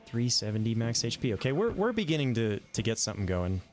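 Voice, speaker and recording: A man giving live gameplay commentary, thinking aloud in a relaxed way with some mild swearing. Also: medium pitch, quick pace. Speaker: game streamer.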